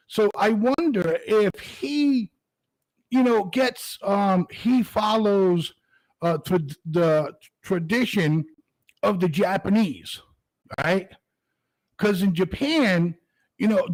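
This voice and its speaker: A man's voice: high voice, darkish tone, no room sound, low-quality recording. A man hosting a morning show, rambling in a casual, profane monologue full of fillers.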